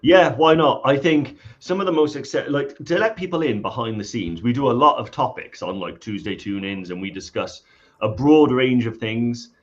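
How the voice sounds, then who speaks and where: A man's voice: mid-range voice, normal speed, lo-fi sound. A half-Scottish man co-hosting a casual live stream, joking and greeting viewers by name. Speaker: co-host of a trekking company live stream.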